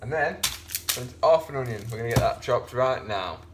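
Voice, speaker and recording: With a medium-pitched, expressive voice at normal speed, this man chats as he cooks at home, wandering off topic and poking fun at himself. He's a home cooking vlogger giving casual commentary, with background noise behind him.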